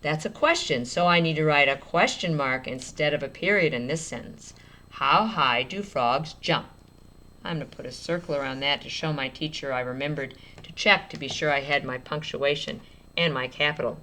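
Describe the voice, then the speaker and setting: A woman teacher giving a writing lesson to young children, sounding out words slowly as she writes and encouraging them gently. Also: low voice.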